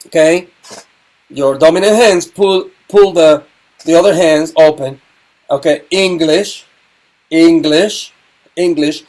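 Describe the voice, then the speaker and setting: Slow-talking man teaching a sign class. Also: fairly high pitch, a little mellow. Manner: halting, repeats words, frequent ums. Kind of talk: online sign language lesson.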